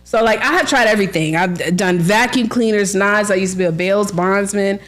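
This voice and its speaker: A woman's voice: mid-range voice, fairly quick. Woman, book coach, podcast guest, casual storytelling, filler-heavy, laughs often. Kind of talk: casual interview chat.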